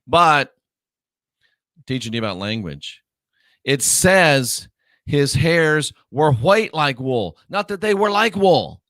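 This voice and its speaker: A man's voice: fairly high pitch, very animated, fairly bright tone, dry recording. Guy lecturing his audience, scornful, drags out the big words, dry close sound. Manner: scornful, lecturing, stretches key words slowly. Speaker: online show host. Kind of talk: lecturing commentary monologue.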